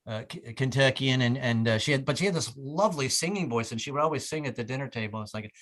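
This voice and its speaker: A man doing a stand-up comedy set on a club stage, stammering through restarts and hitting his punchlines loudly. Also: medium pitch, fast. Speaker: stand-up comic.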